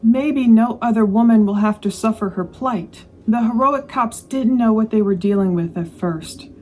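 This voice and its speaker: A woman narrating a true crime bodycam video in a measured voice-over. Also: a little high, darkish tone, rough recording.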